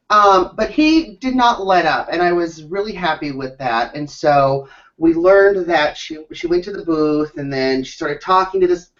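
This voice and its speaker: A man's voice: a little high, lively intonation, unhurried, fairly bright tone. Snarky giggly guy, sounds far from the mic, muffled. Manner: sarcastic, mocking, giggly. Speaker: co-host of a reality TV recap show. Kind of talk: casual chat.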